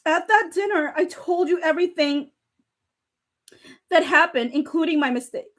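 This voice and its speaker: High-voiced woman reading texts on a live stream. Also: normal speed, fairly bright tone. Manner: emotional, laughing and near tears while reading. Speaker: livestream commentator. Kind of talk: casual live commentary reading texts aloud.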